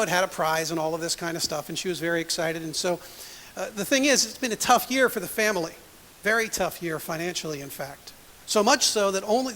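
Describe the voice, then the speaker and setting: A man's voice: sits high, fairly bright tone. Man, pastor, sermon, storytelling, long hall reverb, church sanctuary. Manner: storytelling with acted-out quotes.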